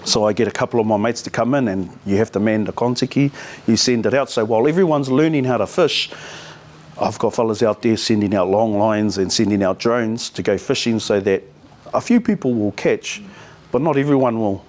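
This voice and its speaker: A man's voice: on the low side, fairly quick. Casual NZ-accented man, middle-aged, easygoing storyteller at a community talk. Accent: New Zealand. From New Zealand. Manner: relaxed, storytelling with te reo Māori words. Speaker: community speaker.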